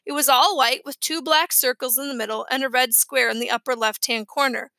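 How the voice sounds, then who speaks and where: Casting: woman narrator for a children's audiobook, high and bright, close dry mic. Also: fairly even intonation, brisk, creaky, no echo. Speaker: audiobook reader.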